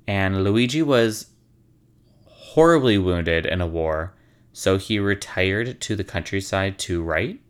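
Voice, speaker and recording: A man tells stories with sarcastic asides and casual swearing. His voice sits low and smooth, and he takes his time over each line. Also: animated, takes it slowly. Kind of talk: casual storytelling.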